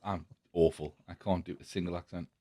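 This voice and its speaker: A man's voice: sits low, fairly even intonation, brisk, dark tone. A man with a Tyneside accent co-hosting a podcast, dry and teasing in a casual chat. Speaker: podcast co-host.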